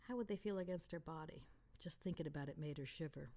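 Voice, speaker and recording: A woman author reading aloud from her romance novel in a calm, intimate manner. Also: low voice, fast. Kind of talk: audiobook narration.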